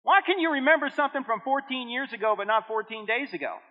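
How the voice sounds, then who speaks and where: A man's voice: extremely high pitch, fast. A man in his fifties giving a church seminar talk, telling stories with jokes and acting out dialogue. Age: 50s. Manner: animated storytelling with jokes and acted dialogue. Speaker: Christian apologetics speaker. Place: church hall with audience. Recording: echoey hall on a tinny phone-like line.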